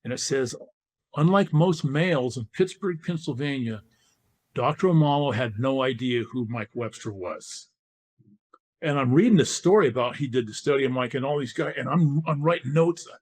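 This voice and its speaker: A man's voice: medium pitch, moderate pace. An older man from California, a former football player, telling his story as a podcast guest and acting out the dialogue he quotes.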